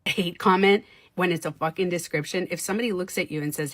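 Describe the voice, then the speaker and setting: An emphatic, profane woman co-hosts a podcast. Her voice sits a little low. It is recorded dry and close. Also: quick pace, fairly bright tone, dry recording. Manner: emphatic, profane, acts out quoted people. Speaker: podcast co-host. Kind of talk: casual opinionated chat.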